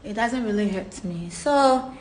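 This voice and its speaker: Speaking in a mid-range, slightly mellow voice, this celebrity walks the camera through her home at a somewhat slow but animated pace. She's a young Ghanaian-accented woman, blunt and given to swearing, and she blends Pidgin with Twi in her casual chatter.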